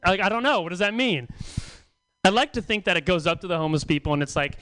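A man's voice: fairly high pitch, animated, quick pace, fairly bright tone, a little hiss or hum, rough recording. A man doing a stand-up comedy set on stage, self-deprecating and profane, rambling and chuckling between jokes. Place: comedy stage before a small audience.

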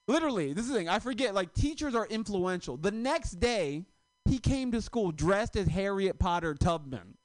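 A man in his thirties from Florida doing a stand-up comedy set on a club stage, telling stories in an animated, profane, self-mocking way. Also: high voice, normal speed, dry recording. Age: 30s.

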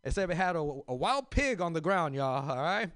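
A man's voice: a little high, big pitch swings, normal speed, fairly bright tone, clean tone, no echo, clean studio sound. A man from South Central Los Angeles doing a stand-up comedy set, talking loosely to the crowd with fillers and restarts and calling them "y'all.". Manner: rambling with many fillers and restarts.

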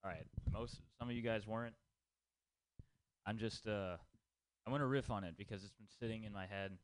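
A man's voice: lowish voice, clear, resonant tone. Rambling young man doing stand-up. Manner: rambling, self-deprecating, profane. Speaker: stand-up comedian. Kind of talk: stand-up comedy set. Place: small comedy room. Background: small audience.

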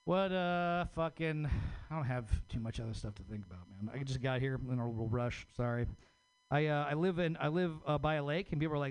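A man's voice: medium pitch, normal speed, low-quality recording. A man doing a loose, rambling stand-up set full of fillers. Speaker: stand-up comedian. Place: comedy club stage.

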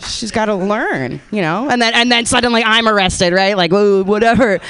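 Woman comic with a lively, smooth voice. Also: medium pitch, normal speed. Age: 30s. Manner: rambling, dark deadpan humor with acted-out quotes. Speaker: stand-up comedian. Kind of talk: stand-up comedy set.

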